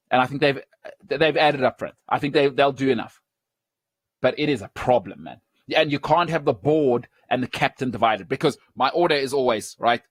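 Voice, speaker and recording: A man's voice: medium pitch, dry recording. A South African man hosting a sports talk show, chatty and opinionated, wandering into side stories and laughing at himself.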